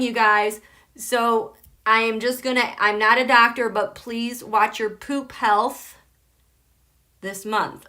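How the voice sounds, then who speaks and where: A woman hosting a live tarot and astrology stream, excitable and gushing, swinging between loud exclamations and soft murmurs. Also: medium pitch. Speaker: tarot and astrology channel host.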